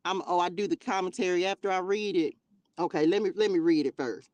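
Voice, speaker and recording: A woman hosting a livestream who reads scripture and adds animated, slangy, joking commentary. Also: fairly low pitch, fairly quick, no echo. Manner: animated, laughing, slangy asides. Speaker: livestream host reading scripture. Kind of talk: bible reading with casual commentary. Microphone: livestream mic.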